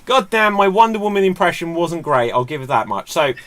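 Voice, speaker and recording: A man's voice: on the high side, big pitch swings, fairly bright tone. A man hosting a live-streamed comedy game show in a chatty, upbeat way. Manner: chatty and upbeat, with quick asides.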